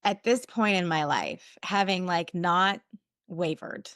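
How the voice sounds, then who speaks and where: A woman hosting a casual interview, blunt and relaxed, swearing freely. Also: lowish voice, slow pace, dry recording, clean studio sound. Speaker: podcast host.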